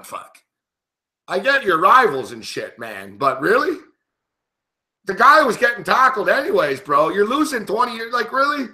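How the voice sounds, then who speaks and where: Angry swearing man, bright sharp voice. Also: sits high, very animated, moderate pace. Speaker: sports betting show host. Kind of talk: live game commentary, profane rant.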